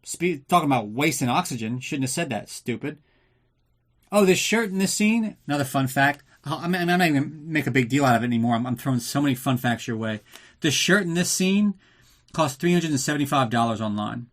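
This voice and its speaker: A man's voice: fairly high pitch, fast talker. A man hosting a podcast, recapping a film in a casual, sarcastic way, swearing often and acting out the characters in jokey voices. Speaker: podcast host.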